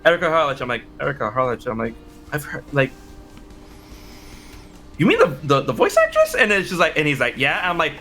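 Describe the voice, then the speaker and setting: Upbeat, bright-voiced man telling stories. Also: a little high. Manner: animated, fast, many restarts and quoted exclamations. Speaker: interview guest, content creator. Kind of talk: casual storytelling interview.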